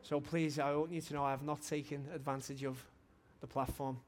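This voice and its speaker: A man in his forties preaching a testimony sermon in a church hall, fervent and shouting at his high points. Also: little pitch movement, brisk, slight background noise.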